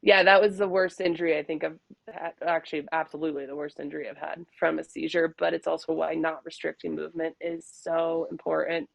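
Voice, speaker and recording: A young woman speaking as a podcast guest in a low voice with plenty of vocal fry. She talks candidly and chattily, laughing easily. The recording is dry and a bit muffled. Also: flat delivery, a little fast, dry recording. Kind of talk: casual podcast conversation.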